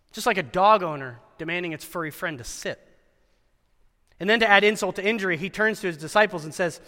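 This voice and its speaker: A man's voice: sits high, pushed and bright, in a large hall. A man giving a chapel sermon at a Christian school, telling a Bible story with wry asides and dramatic voices for the quoted lines.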